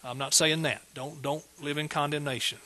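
A man's voice: fairly high pitch, steady tone, normal speed, pushed and bright. A man preaching a sermon as pastor, folksy and joking, building to emphatic bursts.

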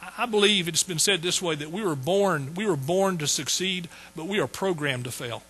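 A man's voice: sits high, normal speed, bright, forceful tone, husky, poor audio. A man preaching a sermon in a folksy, joking way. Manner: folksy, joking asides to the congregation. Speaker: pastor.

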